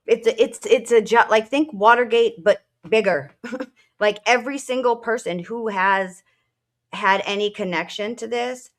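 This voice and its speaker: A woman's voice: lowish voice, fairly bright tone. A woman co-hosting a casual political talk show, a military veteran who speaks bluntly and emotionally, swearing at times. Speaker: co-host.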